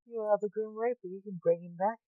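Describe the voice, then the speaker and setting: A woman's voice: mid-range voice, fairly even intonation, brisk, dry recording, narrow, tinny audio, close to an everyday voice. A woman reading a pushy man who won't take no. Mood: insistent. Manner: insistent, bossy. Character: pushy male hospital worker, won't take no.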